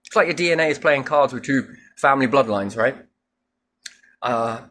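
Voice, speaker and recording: A man's voice: medium pitch, moderate pace, pauses often, sharp tone. A man rambling through a spiritual monologue, musing and asking himself questions, with casual swearing. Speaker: speaker musing on faith.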